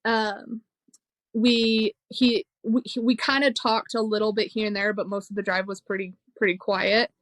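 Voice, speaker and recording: A young woman shares a painful personal story on a podcast, talking frankly and emotionally and cursing without a second thought. Her voice sits at a middle pitch, and the close mic makes it sound very dry. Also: level tone, moderate pace, a bit bright, no echo. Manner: frank and emotional, swears freely, laughs between hard moments. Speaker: podcast guest. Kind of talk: candid conversational storytelling.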